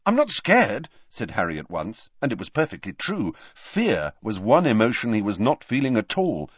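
A man narrating a fantasy novel as an audiobook in an expressive, dramatic storytelling manner, recorded dry and slightly muffled. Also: lowish voice, moderate pace, breathy edge, dry recording. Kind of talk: scripted narration.

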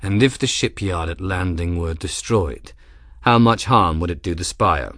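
A man voicing a steady, plain-spoken ship captain in an audiobook, quiet and matter-of-fact. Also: sits low, unhurried, no room sound, studio quality, full character voice. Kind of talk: audiobook character voice.

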